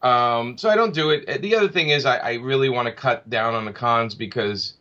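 A man's voice: mid-range voice, fairly quick, pushed and bright. A man speaking as a comic book creator in a casual interview, rambling with many restarts and fillers. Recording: slightly dull lo-fi audio.

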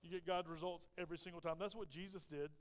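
A man's voice: a little high, fast. A man preaching a sermon, telling a personal story and acting out the voices of people in it. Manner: animated storyteller, acts out quoted voices. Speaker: pastor. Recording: long hall reverb.

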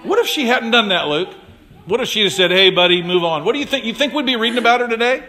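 A man's voice: lively intonation, quick pace, bright, forceful tone. A man preaching a sermon in a conversational way, calling on listeners by name and acting out the voices in the stories. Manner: conversational, addresses congregation members by name; acts out quoted voices with big pitch swings. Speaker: pastor.

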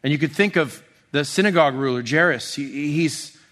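A man preaching an expository sermon in a conversational way, full of restarts, dropping soft and slow on tender passages. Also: fairly high pitch. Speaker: pastor.

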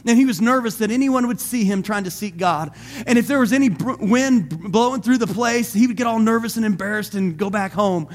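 High-voiced emphatic male preacher. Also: fairly quick. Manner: preaching with rising emphatic calls and questions to the congregation. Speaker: pastor. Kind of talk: sermon.

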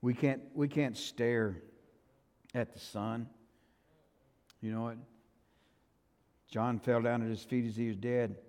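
A man preaching a sermon as pastor, telling the story dramatically with loud, high bursts and quiet, plain-spoken asides. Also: fairly even intonation, slow, long pauses. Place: church sanctuary. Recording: long hall reverb.

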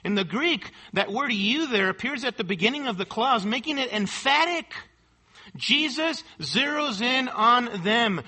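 Bright, forceful high-voiced male preacher. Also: lively intonation, measured pace. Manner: emphatic, repeats rhetorical questions to the congregation. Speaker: pastor. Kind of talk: sermon.

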